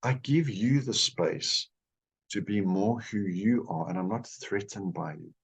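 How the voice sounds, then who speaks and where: Lower-voiced man, animated relationship teacher. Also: measured pace, vocal fry, husky. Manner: animated, acts out dialogue. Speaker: guest speaker. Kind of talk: teaching conversation.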